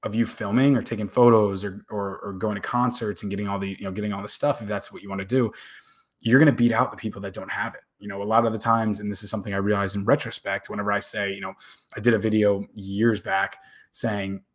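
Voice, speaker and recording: A man's voice: lowish voice, flat delivery, fast talker. A young man vlogging to camera in a casual, rambling way, often repeating words and swearing now and then.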